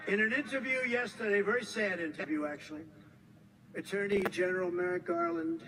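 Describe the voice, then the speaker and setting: A man's voice: high-pitched, fairly bright tone, a little hiss or hum, low-quality recording. An American man in his seventies giving a rambling, repetitive, emphatic campaign rally speech from a podium. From United States. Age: 70s. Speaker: politician.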